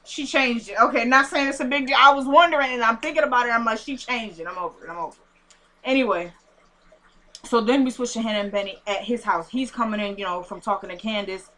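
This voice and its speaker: Bright-voiced woman recapping a TV episode. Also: a little high, fast. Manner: animated, acts out quotes, exclaims. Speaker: TV show recapper.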